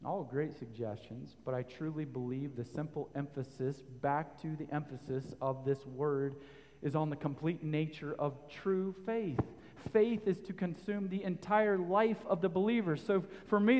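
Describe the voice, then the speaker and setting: A man preaching a sermon, rising to loud emphatic peaks and putting questions to his listeners. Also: a little high, moderate pace, in a large hall.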